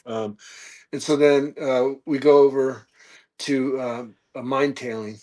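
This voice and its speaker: A man guest on a podcast, telling a casual story with animated peaks and frequent fillers. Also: medium pitch, slow. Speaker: podcast guest, reptile keeper.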